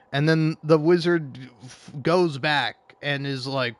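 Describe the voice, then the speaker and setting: A man's voice: mid-range voice, steady tone, unhurried, few pauses, smooth, no room sound. A young man casually riffing as an online commentator, rambling and stammering with frequent laughs.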